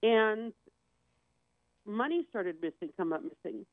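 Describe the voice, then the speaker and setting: A woman's voice: medium pitch, animated, unhurried, dry recording. A woman guest on a talk show telling a personal story candidly, acting out the voices of the people in it. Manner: candid, acts out quoted voices. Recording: tinny phone-like dry sound.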